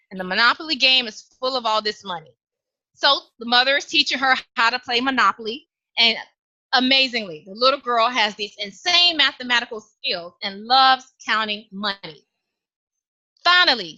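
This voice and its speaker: High, bright woman telling a story. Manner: animated, acts out voices. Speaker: club speaker. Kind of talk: storytelling speech. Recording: dull lo-fi live meeting recording.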